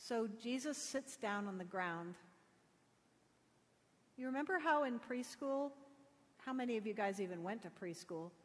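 A middle-aged woman pastor giving a sermon, telling stories with gentle humor. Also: on the high side, lively intonation, unhurried, long pauses. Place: church. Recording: long reverb of a church.

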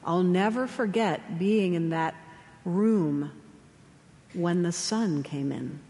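A woman chaplain preaching a sermon, telling stories gently with slow, emphatic pauses. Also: lowish voice. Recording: long hall reverb.

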